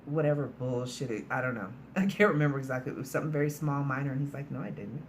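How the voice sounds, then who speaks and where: A woman's voice: rumbling low, quick pace, a little hiss or hum. Chatty woman recapping a movie. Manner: chatty storytelling with frequent "like" and mild swearing. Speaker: movie reviewer.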